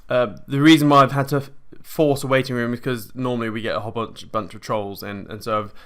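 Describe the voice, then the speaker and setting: British man, crypto educator, live webinar, chatty, rambling, self-correcting, clears his throat a lot, mid-pitched voice. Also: fairly even intonation, quick pace, fairly bright tone. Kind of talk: casual live screen-share tutorial.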